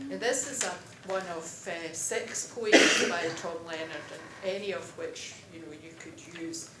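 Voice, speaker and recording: A woman's voice: fairly low pitch, measured pace, hardly any pauses, over a noisy crowd. Chatty Scottish woman presenting poems. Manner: lively, chatty, laughs often. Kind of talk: poetry reading and teaching talk. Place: conference hall. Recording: roomy hall with background noise.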